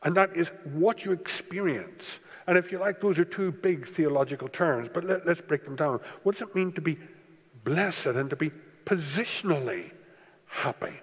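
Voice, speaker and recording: A man's voice: fairly high pitch, moderate pace, breathy edge. A man preaching a sermon, stressing key words by repeating them, recorded in a church. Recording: long church hall reverb.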